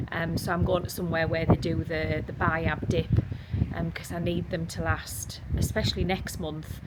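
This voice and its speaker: A woman's voice: lowish voice, heavy background noise. A woman with an English accent chatting casually to camera in a vlog, rambling and self-deprecating. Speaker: vlogger. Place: in a car for some parts.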